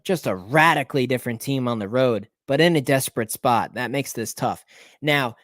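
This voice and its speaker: Male live-stream betting host, mid pitch, dry close sound; mutters through picks, repeats names, self-corrects, bursts into excitement. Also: no room sound. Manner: talks to himself, repeats team names, frequent self-corrections; jumps between muttering and excited outbursts. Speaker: sports betting show host.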